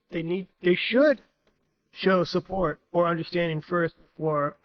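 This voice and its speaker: A man speaking as a podcast guest in casual chat, explaining his views in a measured way. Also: fairly high pitch, dull audio.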